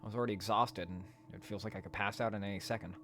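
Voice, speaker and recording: A man reading a horror dating game aloud in a quiet voice, breaking into loud, profane rants between passages. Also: fairly low pitch, fairly even intonation, racing, slight background noise. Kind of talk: let's play narration and commentary.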